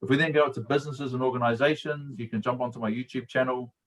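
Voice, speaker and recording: A man's voice: mid-range voice, fairly even intonation, fast talker, poor audio. A middle-aged man with a New Zealand accent, a coach and guest speaker, telling stories and giving advice in a casual live-stream talk, laughing often and speaking colloquially.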